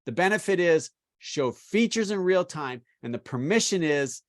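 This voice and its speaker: A middle-aged man delivers a sales training lesson in a voice pitched a little high for a man. He coaches with energy and emphasis, often lifting the ends of his phrases. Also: lively intonation, moderate pace. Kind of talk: instructional talk to car salespeople.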